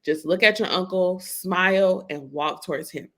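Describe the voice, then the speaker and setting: A woman co-hosting a casual podcast about motherhood, telling a story lively and acting out her child's lines. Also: lowish voice, normal speed. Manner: animated storyteller, acts out her son's voice. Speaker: podcast co-host. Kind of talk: casual chat.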